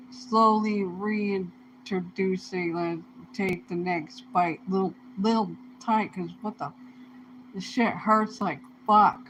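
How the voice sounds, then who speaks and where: A young woman vlogger talks to camera in a rambling, casual monologue, using loose slang and swearing heavily. Her voice is medium-pitched and fairly bright. The recording is low-quality with a slight hiss or hum.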